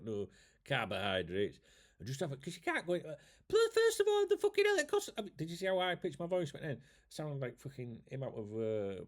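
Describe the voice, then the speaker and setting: A man from England, chatting casually and swearing freely to his viewers in a rambling, jokey way. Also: medium pitch. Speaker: YouTube host.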